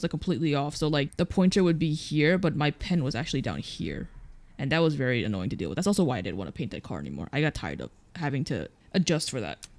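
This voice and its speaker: A let's play streamer giving casual, rambling commentary while playing a painting game. They talk in a low-energy, mumbling way and fill their talk with "like". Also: a little mellow.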